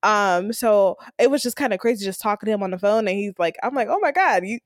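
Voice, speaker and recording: A woman hosting a casual podcast recap, retelling scenes and acting out the characters' lines with lively energy. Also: mid-range voice, fast, dry recording, clean studio sound. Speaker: podcast host.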